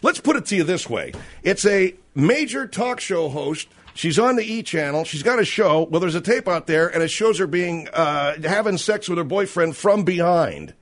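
A man's voice: high voice, expressive, normal speed, hardly any pauses. A man hosting a talk radio show, reading out a gossip story and commenting on it in casual chat. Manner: reads news aloud and riffs on it.

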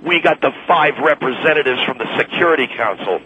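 A man's voice: mid-range voice, lively intonation, brisk, narrow, tinny audio, a little hiss or hum, lightly acted. A man voicing an irate middle-aged male radio station boss who scolds and rants in exasperation, in a radio comedy sketch. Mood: exasperated.

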